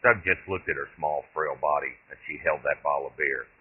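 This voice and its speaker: A man, the author, reading his own short story aloud in steady, plain storytelling. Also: a bass voice, brisk, husky. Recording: tinny lo-fi phone-like audio.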